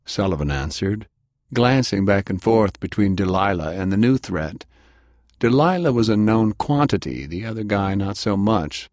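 A man narrating an audiobook in a lively reading style. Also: fairly low pitch, moderate pace, no room sound, studio quality.

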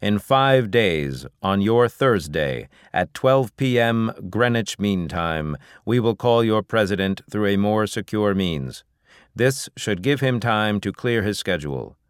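A man puts on a robotic alien voice on the line, slow and measured, every word formal and deliberate. It sits a touch higher than his usual low voice, in a dry, close sound. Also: lively intonation, smooth, dry recording. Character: alien caller speaking through a robotic voice. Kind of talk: audiobook reading.

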